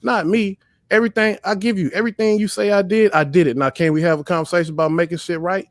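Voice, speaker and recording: Live-stream host, male, heated and profane storyteller, slightly high voice. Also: fairly even intonation, quick pace, no room sound. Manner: profane, emphatic, storytelling rants. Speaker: livestream host. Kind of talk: heated casual commentary.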